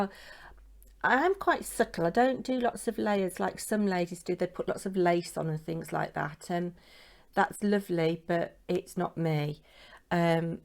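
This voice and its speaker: A middle-aged woman with a British accent talks casually to her camera from a home craft room, rambling from one handmade piece to the next. Her voice sits fairly low and has a gravelly, creaky edge to it. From United Kingdom. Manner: chatty and rambling, showing crafts. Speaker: craft vlogger.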